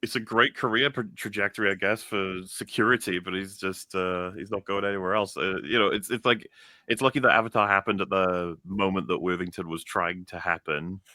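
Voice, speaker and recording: Brief: male guest, very low voice with a bright edge, dry mic. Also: fairly even intonation, fairly quick, dry recording. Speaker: panel guest. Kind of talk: casual panel chat.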